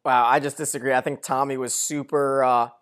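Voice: medium pitch, level tone, a little fast, clean tone. A podcast co-host in a casual TV recap, explaining plot points at length in long run-on sentences and arguing their view.

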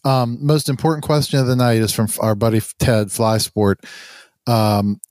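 A man's voice: medium pitch, level tone, moderate pace, darkish tone, dry recording, studio quality. A man co-hosting a podcast, talking casually and peppering his speech with "like". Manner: casual, with many filler likes. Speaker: podcast co-host.

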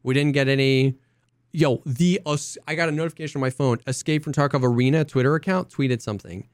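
A young man co-hosting a casual podcast, an excitable storyteller who acts out quotes in high voices. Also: quick pace, smooth, no echo, studio quality. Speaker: podcast co-host. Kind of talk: casual chat.

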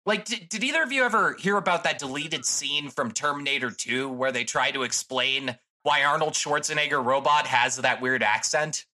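A man in casual podcast chat about a film, animated, joking and often swearing. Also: fairly high pitch, moderate pace, few pauses.

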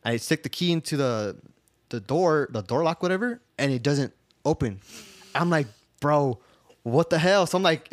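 A man's voice: on the high side, very animated, normal speed, no room sound, clean studio sound. A man telling a rowdy, profane story to a friend, often laughing and acting out what he said back then. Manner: profane, laughing storyteller who acts out his own lines. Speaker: podcast co-host. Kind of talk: casual storytelling chat.

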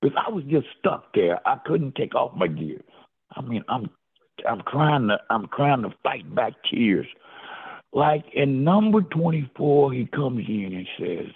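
An older man with a gravelly voice spins an animated story, his pitch swinging up and down as he keeps calling the host by name. He speaks slowly, and the sound is thin and phone-like. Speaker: interview guest, former football player. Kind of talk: storytelling in a casual interview. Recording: phone-like, lo-fi line.

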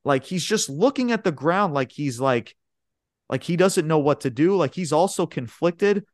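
Male podcast co-host, hyped rambling recapper, swears a lot, slightly high voice. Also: normal speed, no echo, studio quality. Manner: excitable, swears often, says "bro" and "man"; rambling play-by-play retelling. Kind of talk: casual chat.

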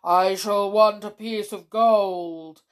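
Brief: woman voicing a bad-tempered greedy gnome in a storybook, loud and gruff, set back from the mic. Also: medium pitch, steady tone, slow pace, natural voice. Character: grumpy greedy male gnome.

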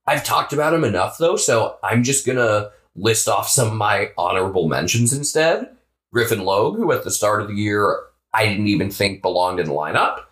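An American man co-hosting a podcast, talking about football in a relaxed, offhand way with the odd swear. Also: fairly low pitch, normal speed. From United States. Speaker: podcast co-host. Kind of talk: casual sports chat.

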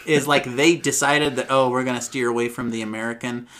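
A man's voice: medium pitch, steady tone, brisk, a bit bright, slight background noise. A man co-hosting a podcast in casual chat, joking around and firing off questions. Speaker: podcast co-host.

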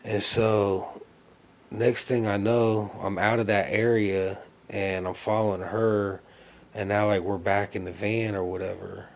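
Man, lowish voice, earnest casual storyteller recounting a dream, rambling with fillers and restarts. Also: flat delivery, measured pace. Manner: earnest, reflective.

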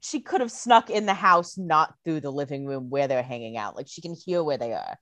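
A woman with a very lively, swooping pitch trades jokes in casual chat, paraphrasing characters with playful sarcasm. Her voice is recorded dry and close, with no room echo. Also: a little fast. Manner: playful, wry, laughs while paraphrasing characters. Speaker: podcast co-host.

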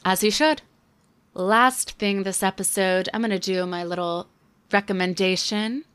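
A woman's voice: medium pitch, a little slow, a bit bright, clear, resonant tone. Chatty, wry young woman podcast host. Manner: chatty, wry, with many fillers and asides. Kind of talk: casual solo podcast chat.

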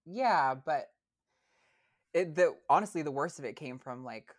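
Young woman talking haltingly as a guest. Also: sits low, animated. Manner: hesitant, many fillers and restarts. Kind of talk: casual interview chat.

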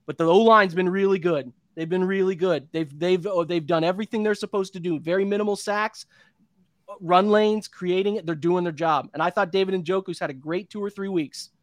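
A man's voice: sits high, a little fast, no echo. A man in his thirties hosting a postgame sports show, venting in an impassioned, repetitive rant. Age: 30s. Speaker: podcast host.

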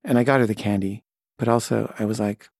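A man's voice: on the low side, steady tone, brisk, creaky, darkish tone, no echo, studio quality. A man telling a personal story about being a parent, in a chatty way with many fillers and restarts.

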